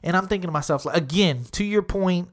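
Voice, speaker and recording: A man's voice: sits high, quick pace. A man casually telling a tense personal story, swearing constantly and filling his talk with "literally" and "dude". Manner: animated retelling, acting out quotes.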